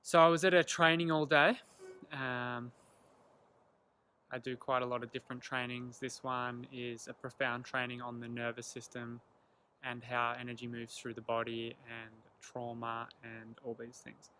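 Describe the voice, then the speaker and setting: A young man telling a personal story to camera in an earnest, animated way, acting out the lines of the people in it. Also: mid-range voice, normal speed, a little hiss or hum. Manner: earnest, animated retelling with quoted dialogue. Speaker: vlogger.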